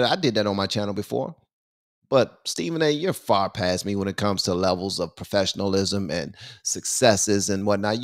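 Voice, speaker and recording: A man hosting his own channel, giving emphatic, preachy opinion commentary and repeating words for stress. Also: on the low side.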